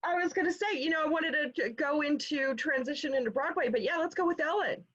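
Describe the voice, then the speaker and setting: Woman host, high voice, effusive, slightly dull lo-fi video-call audio. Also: fast talker, a bit bright. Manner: effusive, exclamatory. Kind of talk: casual interview chat.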